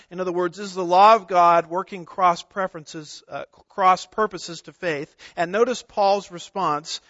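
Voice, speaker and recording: A middle-aged pastor delivers an emphatic expository sermon, asking rhetorical questions and stressing single words. He speaks at a moderate pace with hardly any pauses, his voice sitting high with a sharp tone, on a dull lo-fi recording without echo.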